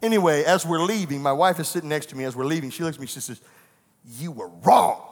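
A man's voice: a little high, racing, in a large hall. A middle-aged man, a pastor, preaching a sermon that moves from personal storytelling into fervent preaching in a church. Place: church sanctuary.

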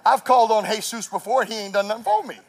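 A man preaching a sermon as pastor, rising to shouts and telling stories with laughter. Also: high-pitched, quick pace.

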